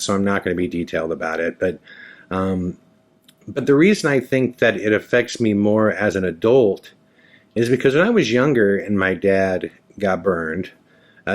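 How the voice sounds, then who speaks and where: A man in his forties hosting a podcast, telling a candid personal story in a frank, rambling way and swearing freely. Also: low-pitched. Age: 40s. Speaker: podcast host.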